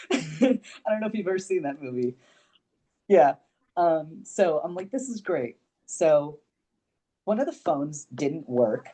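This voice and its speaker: A young man, a podcast guest, telling stories in casual chat, animated and swearing freely. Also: on the high side. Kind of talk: casual storytelling.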